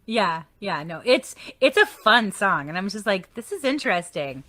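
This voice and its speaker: Southern lady hosting a radio show, chatty and gushing, bright voice, dry close sound. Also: medium pitch, sing-song, normal speed, dry recording. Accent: Southern American. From Southern United States. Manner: chatty, gushing, laughs often. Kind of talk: casual radio show chat.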